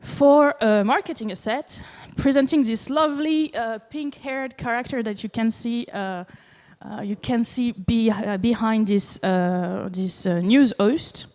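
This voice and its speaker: A French woman gives a conference talk in a slightly high voice, animated and full of fillers. She acts out other people's reactions as she goes. Her voice carries a long reverb from the hall. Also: a little slow. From France. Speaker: conference speaker.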